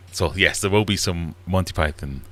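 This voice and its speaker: A man's voice: deep voice, a bit bright. A middle-aged man hosting a casual livestream chat from his fish room, rambling and self-deprecating. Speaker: livestream host. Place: small warm fish room at home.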